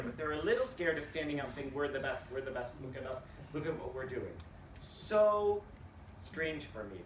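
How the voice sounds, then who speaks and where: Male seminar speaker, fairly high voice with a very lively pitch, animated and joking, heard from a distance in a roomy hall over ambient noise. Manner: animated and joking, acts out dialogue. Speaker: invited seminar speaker, communications consultant. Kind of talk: lunch seminar talk to an audience. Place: seminar room with audience.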